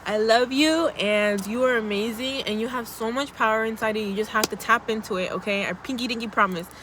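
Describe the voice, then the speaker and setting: A woman's voice: fairly high pitch, fairly even intonation, fairly quick, noisy background. A young woman in casual, blunt pep-talk mode, chatty and sweary, calling her viewers girl as she vlogs. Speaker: vlogger.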